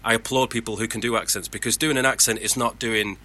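Fast, bright-voiced earnest man. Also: on the low side, steady tone. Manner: earnest, candid and reflective. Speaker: voice actor. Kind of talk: casual chat.

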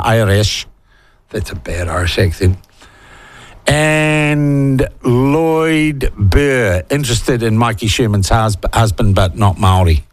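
A New Zealand man hosting talk radio in a middle-pitched voice. He talks bluntly and with open sarcasm, swears without hesitating, and reads listener messages aloud between his own remarks. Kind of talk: opinionated talk radio monologue.

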